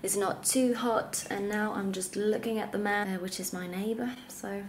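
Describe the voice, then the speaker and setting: A woman's voice: mid-range voice, steady tone, normal speed, slight background noise. A young woman chatting casually in a self-filmed vlog at home, often dropping to a near whisper. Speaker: vlogger. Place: her home. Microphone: camera held by herself.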